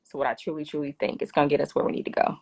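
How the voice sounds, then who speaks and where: A woman's voice: low-pitched, level tone, racing, gravelly, a little mellow, slightly rough. A woman hosting a casual live finance Q&A from her phone, chatty and laughing often. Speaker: finance livestream host.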